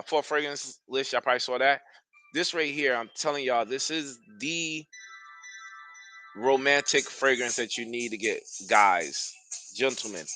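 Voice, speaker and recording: A man's voice: medium pitch, sharp tone. A man hosting a casual live stream, talking loosely and enthusiastically straight to his viewers. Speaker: fragrance reviewer streaming live.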